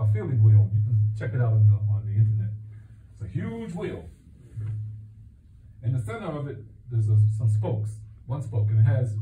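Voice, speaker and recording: A man's voice: mid-range voice, background noise. Man telling stories in an echoey mosque hall. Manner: storytelling, acts out dialogue in quotes. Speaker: counselor giving a talk. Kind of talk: conversational religious talk. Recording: echoey hall, far from mic, tinny phone-like sound.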